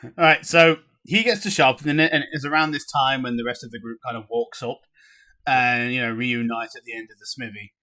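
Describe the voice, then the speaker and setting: Dude dming a tabletop game, bright voice, casual swearing narration. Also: male voice, medium pitch, fairly quick. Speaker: dungeon master.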